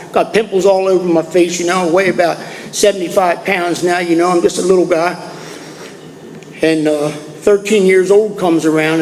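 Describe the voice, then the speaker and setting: A man's voice: sits high, darkish tone, slight background noise. An older man from Maryland, speaking at a recovery meeting and telling his life story in a plainspoken, folksy way that circles back on itself. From Maryland, USA. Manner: plainspoken, folksy, repeats himself. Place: meeting hall. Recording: echoey hall with faint ambience.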